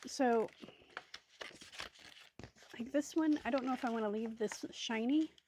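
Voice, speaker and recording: A woman's voice: on the high side, a little slow, mellow, a little hiss or hum. A woman hosting a crafting video, chatting casually and thinking aloud with many ums and asides as she sorts supplies. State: hiccups. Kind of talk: casual crafting tutorial chat.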